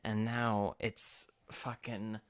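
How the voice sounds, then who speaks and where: A woman's voice: extremely low pitch, little pitch movement, drawn-out words. A woman streaming a video game, chatting casually, swearing often and breaking off her own sentences. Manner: swears a lot, rambling and self-interrupting. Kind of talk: casual gameplay commentary.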